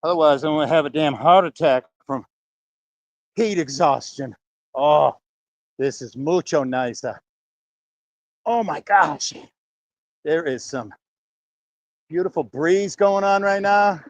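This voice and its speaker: A man streams live on a walk outside, rambling and cursing casually as he talks to his chat. He is a little winded from walking, and his voice sits slightly high. The sound is close and dry, with no room around it. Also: a little slow, pauses often, dry recording. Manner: rambling, profane, chatting to viewers. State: out of breath from walking. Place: outdoors in wind and breeze.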